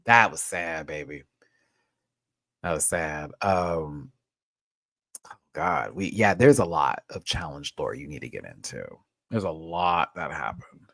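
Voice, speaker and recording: A man hosting a casual livestream, talking in a sassy, slangy way that swings from hushed asides to loud, emphatic pleas. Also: rumbling low, expressive, measured pace, vocal fry, long pauses, dry recording. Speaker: host.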